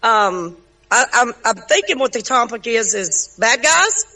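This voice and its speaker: A woman's voice: fairly high pitch, very animated, unhurried, bright, forceful tone, poor audio. A woman with a Southern US accent in a casual voice chat, blunt and chatty, dropping "y'all". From Southern United States. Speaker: chat participant.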